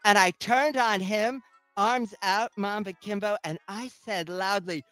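A woman's voice: medium pitch, a little slow, fairly bright tone, no echo, poor audio. A woman in middle age delivers a stand-up set with a teasing, sardonic edge. She slips into mock-sweet asides. The sound is close and dry, with faint music underneath. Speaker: stand-up comedian and host.

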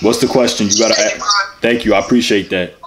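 A man's voice: fairly low pitch, fairly even intonation, quick pace, very noisy. A young man hosting a casual vlog who talks with strangers in a playful, teasing, joking way. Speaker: YouTuber and video chat app host.

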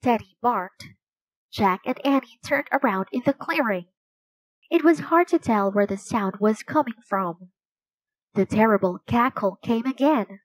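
A woman reading a children's story aloud, clear and gentle, at a slow pace. Her voice sits fairly high. The sound is dry and close. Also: no room sound, poor audio. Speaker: storybook reader.

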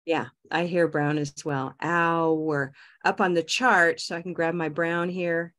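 A woman teaching English pronunciation on a video call, modeling words slowly and repeating them. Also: lowish voice, fairly even intonation, fairly bright tone. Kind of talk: online pronunciation lesson.

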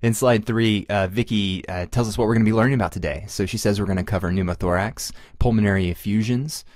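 A man's voice: lowish voice, quick pace, darkish tone, dry recording, studio quality. A man hosting a medical podcast, chatty and self-deprecating as he sums up lecture slides. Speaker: podcast host. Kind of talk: casual explanatory podcast narration.

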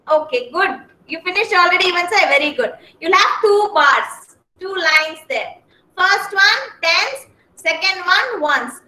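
A woman with an Indian English accent teaching a kindergarten class online, speaking slowly and patiently and spelling words out letter by letter. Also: extremely high pitch, sharp tone, reverberant, poor audio. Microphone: video call.

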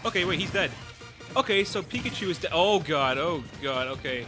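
A man giving excitable, chatty let's play commentary, breaking into sudden outbursts and restarting his sentences. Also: fairly high pitch, normal speed. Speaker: gaming YouTuber. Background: game music.

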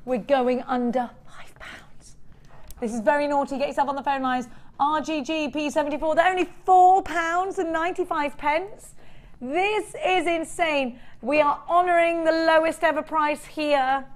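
A woman hosts a live shopping-channel segment selling jewelry, chatty, upbeat and bubbly in her sales patter. Her voice sits high, with fairly even intonation and a normal speed.

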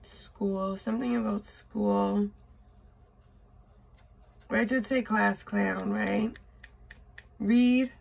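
A woman's voice: medium pitch, steady tone, very slow, creaky, long pauses, breathy edge. A woman doing a casual tarot reading, reading card words aloud in short bursts, blunt and swearing now and then. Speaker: tarot reader.

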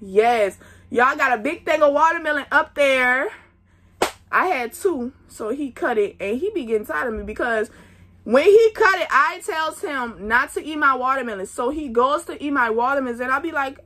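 A woman's voice: sits high, animated, normal speed, a bit bright. A young woman chatting to her viewers in a casual pregnancy update vlog, feeling nauseous. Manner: chatty, talks straight to viewers as y'all. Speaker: vlogger.

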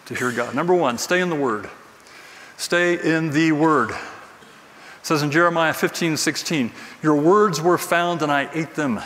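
His fairly high, slightly bright voice rings through the church as he preaches emphatically, repeating key phrases with sincerity. A faraway mic captures it in the reverberant sanctuary along with faint noise.

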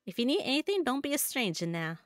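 A woman's voice: high-pitched, sing-song, fast talker, dry recording, clean studio sound, faint music behind. A woman voicing a folksy miner dad from a game, reading his lines in a put-on Southern US accent. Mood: easygoing. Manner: drawling, folksy, laid-back. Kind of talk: reading game dialogue aloud.

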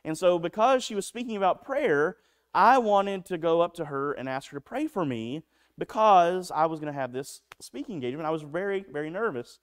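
A man's voice: a little high, lively intonation, brisk. A man preaching a sermon in a church, telling stories in an earnest way with frequent restarts. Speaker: pastor. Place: church sanctuary.

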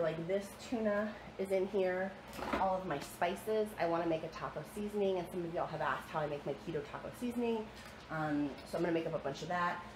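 A woman's voice: fairly low pitch, reverberant, background noise. A young woman with a slightly nasal, sniffly voice, chatting casually through a home kitchen vlog with lots of ums. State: coming down with a cold. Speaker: vlogger.

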